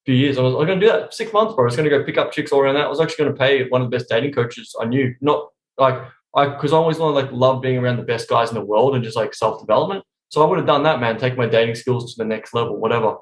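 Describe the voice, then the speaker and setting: A man's voice: medium pitch, rapid-fire, few pauses, reverberant. A man talking casually on a podcast, telling rambling stories full of swearing. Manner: profane, rambling storytelling.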